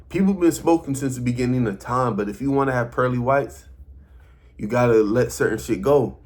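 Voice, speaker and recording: A man in his early thirties talking casually to camera, loose and repetitive, full of slang and "you feel me?" checks. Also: fairly low pitch. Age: early 30s. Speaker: vlogger.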